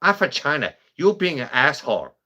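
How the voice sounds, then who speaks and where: A man's voice: on the high side, sing-song, moderate pace, pushed and bright, pitched above the performer's own voice, heavily acted. A man doing an indignant young shop clerk. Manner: insistent, defensive.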